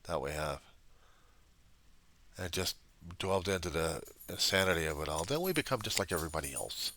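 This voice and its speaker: A man speaking in a rambling, self-deprecating video diary to a reverend, moving between quiet musing and loud outbursts. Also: low voice, lively intonation, normal speed, slight background noise. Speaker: video diarist addressing a reverend. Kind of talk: personal video diary monologue.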